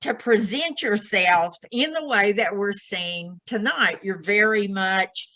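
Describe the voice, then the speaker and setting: Woman guest, very slow, bright tone, thoughtful and affirming. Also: medium pitch, no room sound, rough recording. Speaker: podcast guest. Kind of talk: casual chat.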